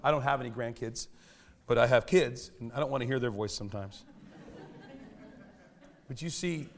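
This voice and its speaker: A man preaching a sermon in a church, animated and conversational, with self-deprecating humor. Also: mid-range voice, normal speed, a little hiss or hum. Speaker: pastor. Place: church sanctuary.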